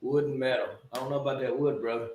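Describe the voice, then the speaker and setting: A man working in the shop, joking around, his voice hoarse from being sick. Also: medium pitch, little pitch movement, fast talker, darkish tone, a little hiss or hum. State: voice hoarse from illness. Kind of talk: casual banter. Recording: echoey shop.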